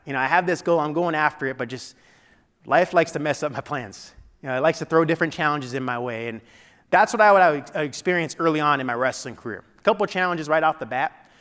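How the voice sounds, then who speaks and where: A keynote speaker, a man with a slightly high, somewhat bright voice, tells a personal motivational story at a fast clip. His delivery is loose and conversational, full of "you know" and restarted sentences. The long reverb of a large meeting hall surrounds his voice.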